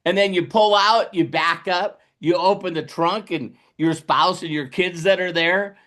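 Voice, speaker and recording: A man's voice: high-pitched, unhurried. A man giving a motivational business talk, telling a story with lots of repeated words and restarts, acting out what people say. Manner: animated storytelling, acting out quotes. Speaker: business coach.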